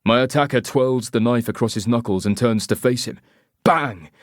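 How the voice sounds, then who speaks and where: A man narrating a thriller audiobook in first person, measured and tense with short clipped phrases. His voice sits at an ordinary pitch, and the reading is close and dry with no room sound. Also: no room sound.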